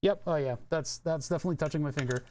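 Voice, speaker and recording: A man's voice: fairly high pitch, very fast, darkish tone, a little hiss or hum. A man chatting casually on a live stream while soldering at his electronics bench, rambling and thinking aloud with offhand swearing. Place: home electronics workbench.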